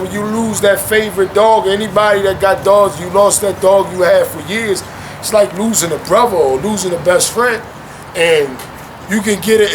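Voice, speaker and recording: Loose and slang-heavy, a young man's high voice carries through a casual chat as a guest at home with his dogs, "man" popping up in nearly every thought. He sounds animated, and the background is noisy.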